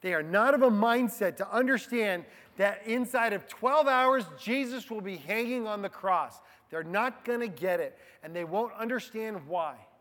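A man preaching a sermon to a group of men in a conversational way, swinging between hushed low asides and loud, emphatic stresses. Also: expressive, normal speed, hardly any pauses. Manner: conversational, addresses the men in the room. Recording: long hall reverb.

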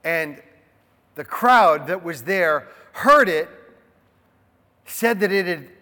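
A man's voice: high-pitched, lively intonation, slow pace, pushed and bright, in a large hall. A man preaching a sermon in a casual, conversational way, with frequent rhetorical asides to the congregation. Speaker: pastor.

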